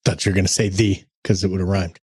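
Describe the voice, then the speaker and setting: A man's voice: low voice, flat delivery, fast talker, a little mellow, husky, no room sound, studio quality. A man co-hosting a podcast, talking in an upbeat, chatty, joking way, slipping into casual ad reads. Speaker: podcast co-host. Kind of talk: casual podcast chat and ad read.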